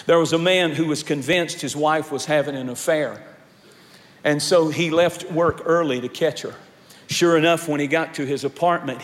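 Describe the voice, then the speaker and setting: A man's voice: on the high side, long reverb tail. A male pastor preaching a sermon, telling stories and rising to emphatic points. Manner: storytelling, rising to emphatic peaks.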